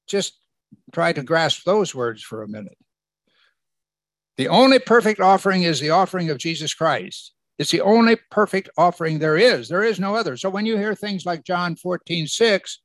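A man preaches with emphatic force, pressing the congregation with rhetorical questions. His voice is gravelly and sits a little high, recorded close and dry with no room sound. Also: a bit bright, no room sound. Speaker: pastor. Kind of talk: sermon.

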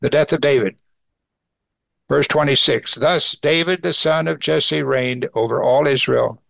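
This pastor reads a Bible passage aloud verse by verse, following each with warm, exclaiming commentary. His medium-pitched voice has vocal fry and a measured pace, recorded with no room sound.

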